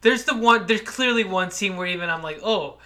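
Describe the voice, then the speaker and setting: A young man co-hosts a casual podcast in a high, bright voice. He is eager and agreeable, and he keeps chiming in with quick "yeahs.". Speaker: podcast co-host. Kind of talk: casual chat.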